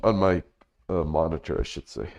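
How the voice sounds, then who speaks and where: A man's voice: a bass voice, steady tone, moderate pace, darkish tone, dry recording. A man hosting a live trading stream, chatting casually and with plenty of swearing, often mumbling in a half-whisper.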